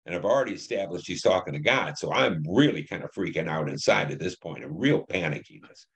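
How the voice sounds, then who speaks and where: A man's voice: low-pitched, animated, fairly quick. A man in his seventies, a war veteran being interviewed, recounting his memories in a blunt, profane storytelling manner. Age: 70s.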